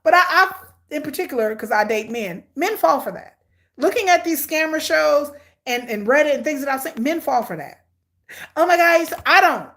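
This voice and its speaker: A middle-aged woman giving blunt, sarcastic, animated commentary on a reality show she is watching. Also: sits high, normal speed. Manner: hyperactive and energetic. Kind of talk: casual live watch-along commentary.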